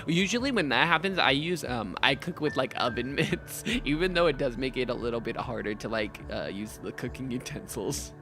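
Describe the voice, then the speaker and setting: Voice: mid-range voice, expressive, brisk, hardly any pauses, fairly bright tone, soft background music. A streamer giving chatty, self-mocking commentary while playing a role-playing game. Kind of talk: let's play commentary and narration.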